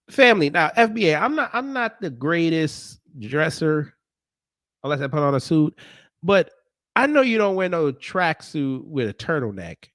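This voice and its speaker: A man's voice: on the high side, very animated, normal speed, fairly bright tone, no room sound, clean studio sound. A man reacting to clips in casual commentary, sarcastic and exasperated, stammering through restarts. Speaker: commentary vlogger.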